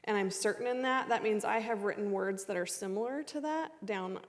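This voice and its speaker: A woman's voice: medium pitch, fairly quick. A woman coach on a panel, telling stories and acting out her own inner thoughts. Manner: animated, storytelling, acts out her own thoughts. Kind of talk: panel discussion. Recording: reverberant hall.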